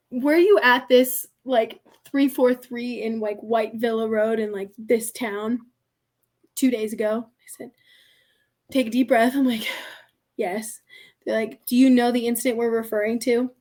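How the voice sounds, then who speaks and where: A woman guest on a podcast telling a story in casual conversation. She is animated, laughs often, acts out the people in it and keeps saying "like". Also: fairly high pitch, slow, long pauses. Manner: chatty, heavy use of "like" and "I'm like".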